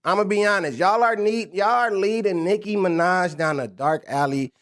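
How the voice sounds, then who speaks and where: A man's voice: high-pitched, normal speed, a bit bright. A young man ranting on a livestream, stammering and restarting his phrases, breaking off to laugh. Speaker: rapper on a livestream. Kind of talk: rambling livestream rant.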